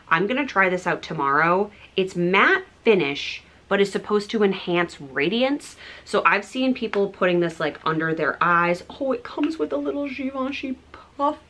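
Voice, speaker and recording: A woman in her thirties chatting breezily to camera as a beauty vlogger, full of "like" fillers and soft asides. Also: lowish voice, lively intonation, normal speed. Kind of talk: casual chat showing products.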